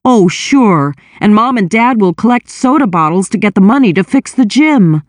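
A woman's voice: mid-range voice, expressive, no room sound, clean studio sound, natural voice. A woman voicing a guilty, defensive younger teenage brother who whines and hurries to justify himself. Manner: whining, sheepish and quick to justify himself.

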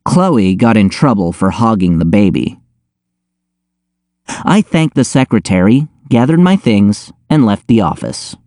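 A man narrating an audiobook in the first person with a wry, deadpan delivery. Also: lowish voice, a little slow, no room sound, clean studio sound.

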